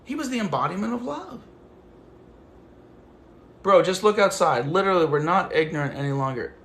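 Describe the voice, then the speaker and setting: Worked-up high-voiced man ranting on stream. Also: lively intonation, moderate pace, fairly bright tone. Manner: agitated, profane, talks to chat. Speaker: livestreamer. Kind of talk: casual livestream rant. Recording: echoey room with faint noise.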